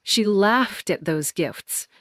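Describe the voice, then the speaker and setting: A woman's voice: mid-range voice, animated, slow pace, no echo, clean studio sound. A woman narrating a dramatic first-person story in clipped, tense, emotional sentences.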